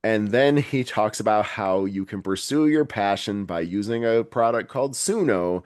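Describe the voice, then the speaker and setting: A man's voice: fairly low pitch, moderate pace, a little mellow, no echo, studio quality. A man hosting a casual podcast, telling a story with sardonic asides. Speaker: podcast host.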